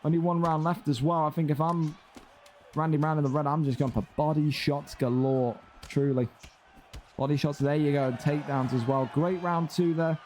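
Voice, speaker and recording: A young man doing play-by-play commentary on a fight game, excitable and climbing high and loud on big moments. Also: normal speed, a little hiss or hum.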